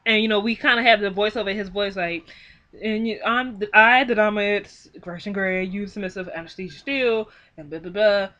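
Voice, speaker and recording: A young woman giving a casual film recap, animated and exclaiming, acting out the characters' lines in quick quoted bits. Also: mid-range voice, muffled recording. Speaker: film reviewer. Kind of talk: casual movie recap and commentary.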